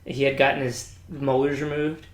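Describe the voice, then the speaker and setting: Laughing storyteller man in an echoey room. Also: normal speed. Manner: animated, laughs often, jumps into high pitch for quoted voices. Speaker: podcast co-host telling stories. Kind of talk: casual storytelling chat. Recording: roomy echo.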